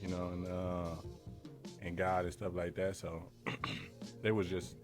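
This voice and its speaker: A man with a very deep voice talks in a laid-back way about running his restaurant. He chats casually and keeps checking in with the listener. Music plays clearly behind him in the room. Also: level tone, slow. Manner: laid-back, says "you know what I mean" often. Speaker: restaurant co-owner. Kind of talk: casual interview chat. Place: indoors in a wing restaurant. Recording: music playing in the background.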